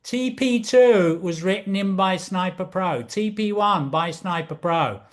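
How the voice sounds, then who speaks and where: A middle-aged man with a high voice gives a trading lesson over a chart screen. He talks slowly and deliberately, with a showman's excitement, repeating phrases again and again. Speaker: trading instructor. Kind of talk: screen-share trading walkthrough.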